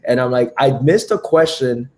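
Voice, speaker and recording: A man guest in a casual chat, telling stories and acting out quoted lines, recorded in a quiet room at home. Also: medium pitch, lively intonation, moderate pace. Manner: storytelling, acts out quoted dialogue. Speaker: podcast guest.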